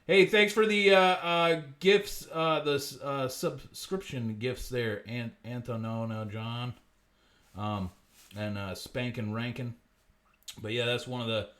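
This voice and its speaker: A man with a slightly high voice, hosting a comedy live stream. He swears nonstop and lurches from low, muttered asides into loud, shouted rants. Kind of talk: profane comic ranting on a live stream.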